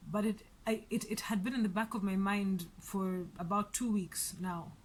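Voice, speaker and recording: A woman's voice: medium pitch, fairly even intonation, moderate pace. Woman vlogging, just telling a story from her day, chatty, restarts a lot, little laughs, normal mid voice. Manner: chatty and rambling, with many restarts and light laughs. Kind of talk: casual storytelling vlog.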